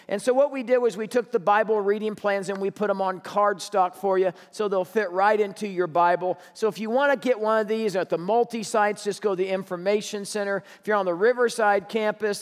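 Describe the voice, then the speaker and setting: A man preaching as a pastor in a church auditorium, conversational and joking as he tells stories. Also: sits high. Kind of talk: sermon. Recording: echoey hall reverb.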